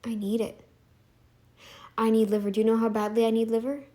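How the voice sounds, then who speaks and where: A woman's voice: fairly high pitch, little pitch movement, brisk, warm tone. A woman vlogger ranting in casual commentary, emphatic and defiant, repeating herself for effect.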